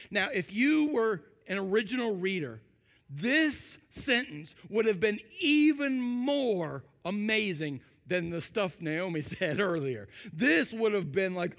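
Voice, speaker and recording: High-voiced, animated male preacher. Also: slow, gravelly. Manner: animated, acts out voices for humor. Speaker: pastor. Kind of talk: sermon. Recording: reverberant hall.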